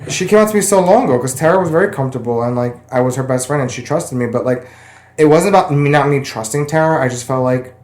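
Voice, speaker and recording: A man's voice: medium pitch, quick pace, darkish tone. A man guesting on a podcast, telling stories in a rambling, casual way. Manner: rambling storyteller, many fillers. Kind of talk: casual chat. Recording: roomy echo, faint noise.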